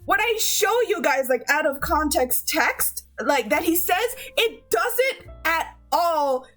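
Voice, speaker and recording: A woman's voice: high-pitched, lively intonation, slow pace, a bit bright, faint music behind. A woman streamer chatting casually with her viewers, gushing, giggling often and swearing freely, with frequent restarts.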